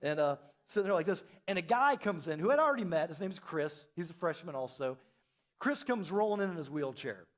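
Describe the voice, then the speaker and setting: A middle-aged man, a pastor, telling a story in a sermon and acting out the dialogue with big jumps in his voice. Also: fairly quick. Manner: animated, acts out dialogue with big pitch jumps. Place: church.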